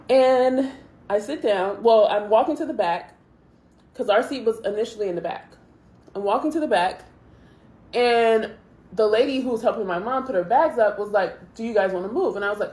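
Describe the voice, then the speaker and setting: Young woman vlogger, casual storyteller, chatty and animated, roomy echoey sound. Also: a little high. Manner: chatty, animated retelling with quoted asides.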